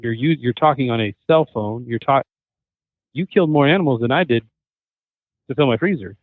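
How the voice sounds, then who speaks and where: A man in his thirties, a hunter and chef appearing as a podcast guest, talks in a mid-range voice at a slightly quick clip. He tells stories with lots of energy and acts out other people's lines in casual podcast chat. The audio is dry, with a tinny, phone-like remote-line quality.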